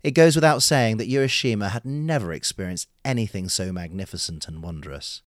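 A man narrating a folktale in a measured, unhurried storytelling manner. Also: lowish voice, dry recording, studio quality.

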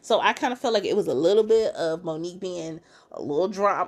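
A woman hosting a podcast, giving a casual, chatty recap full of fillers and expressive asides. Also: lowish voice, brisk. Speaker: podcast host.

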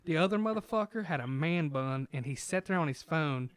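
An animated man with a slightly high voice tells a story on a podcast, cursing freely and laughing as he goes. He keeps mimicking the people he talks about. The mic is close and dry. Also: brisk, clear, resonant tone, dry recording. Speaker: podcast co-host. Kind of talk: casual storytelling chat.

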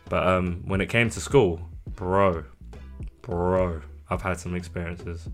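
A young man from London, co-hosting a casual podcast and telling stories in an animated way, swearing freely and acting out what people said. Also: deep voice, slow pace, faint music behind. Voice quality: swears freely, animated storytelling with acted-out quotes. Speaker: podcast co-host. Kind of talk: casual chat.

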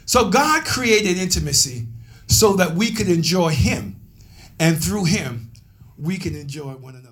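A man pastor telling a story in a sermon, animated and laughing as he calls out to his members. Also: on the high side, unhurried, slight background noise.

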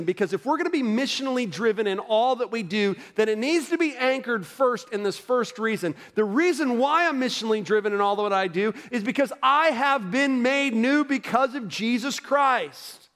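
Male pastor with a high voice, preaching in a casual, conversational way that rises to emphatic peaks. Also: normal speed, few pauses, a bit bright. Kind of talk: sermon.

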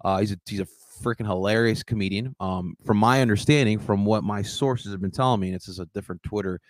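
A man's voice: on the low side, quick pace, no echo. A man hosting a casual soccer fan show, talking in a rambling way with many restarts. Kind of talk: casual chat commentary.

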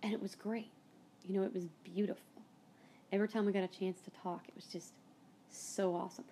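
A woman's voice: medium pitch, steady tone, brisk, warm tone, a little hiss or hum. A woman hosting a podcast, telling a personal story in a casual, emotional way. She sometimes swears, and at tender moments she drops into a whisper, close to tears. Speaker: podcast host.

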